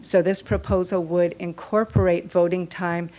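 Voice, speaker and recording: A woman presenting a proposal at a city work session, explaining it in a steady way. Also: lowish voice, moderate pace.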